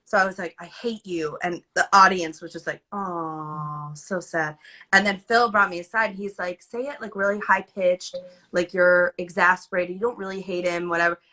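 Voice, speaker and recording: A woman in her thirties, a guest on a casual video-call interview, telling animated stories and laughing easily. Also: lowish voice, fairly quick. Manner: animated storyteller, laughs easily, acts out quotes. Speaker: guest, former child actor.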